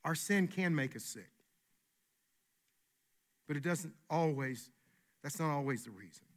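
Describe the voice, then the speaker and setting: A man, a pastor, preaching a sermon in an animated, emphatic way, often restarting his words. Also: fairly high pitch, a little slow.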